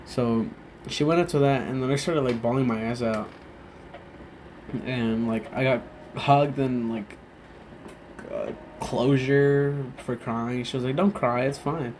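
A drunk young man talking in a casual, rambling monologue, halting often, losing his thread and swearing freely. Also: medium pitch, steady tone, darkish tone, a little hiss or hum.

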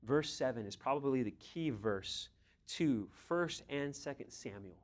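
A man preaching a sermon, emphatic, swinging between loud exhortation and hushed, near-whispered lines. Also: medium pitch, animated, a little slow.

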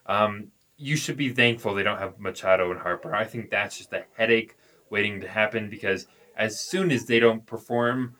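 A man with a fairly low yet bright, forward voice chats about sports on a podcast. He rambles easily, with fillers, in relaxed conversation. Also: normal speed. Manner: easygoing, rambling, with fillers and laughs. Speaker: podcast co-host. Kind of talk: casual sports chat.

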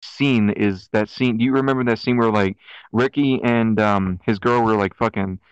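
A man's voice: fairly low pitch, normal speed, clear, resonant tone, no room sound, highs cut off. Rambling young man with a country twang. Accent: country twang mixed with city slang. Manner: rambling, many fillers and restarts. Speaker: podcast co-host. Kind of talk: casual chat.

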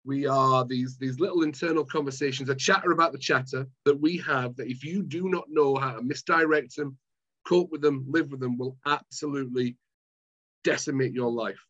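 A man's voice: mid-range voice, normal speed, dull audio. A Scottish man, a mind management coach, chatting as a guest and acting out scenes from his own story. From Scotland. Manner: animated storyteller acting out his past self. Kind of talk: casual chat.

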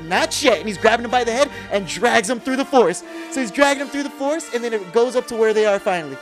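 A man on a podcast excitedly recapping an anime episode, swearing a lot and acting out characters' lines in a lower voice. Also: quick pace, music in the background. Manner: profane, acts out character lines in a low voice. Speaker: podcast co-host.

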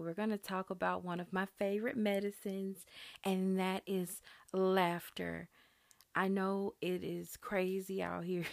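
A woman's voice: fairly low pitch, gravelly, no room sound. A woman hosting her own podcast, talking in an earnest, chatty and encouraging way. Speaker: podcast host. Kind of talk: casual solo podcast talk.

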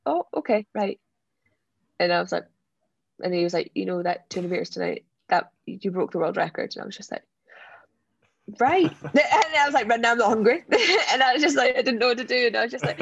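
A young Scottish woman from the Borders, telling an animated story as an interview guest, laughing often and acting out what people said. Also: lowish voice, gravelly, no room sound, lo-fi sound. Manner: excitable, laughs often, acts out quotes. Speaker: athlete guest.

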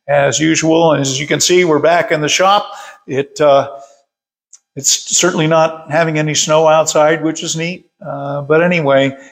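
Gravelly older man leading folksy Bible study. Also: fairly high pitch. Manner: folksy, storytelling, chuckles at his own stories. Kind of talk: casual Bible study talk. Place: workshop.

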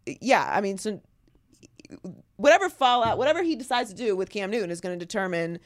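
A woman hosting a podcast, talking sports casually in an animated, opinionated way with quick asides. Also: mid-range voice. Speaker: podcast host.

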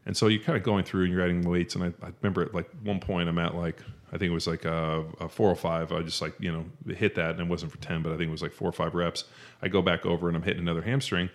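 A man's voice: sits low, flat delivery, fast. A man co-hosting a podcast in casual chat, telling rambling, profane gym stories. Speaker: podcast co-host.

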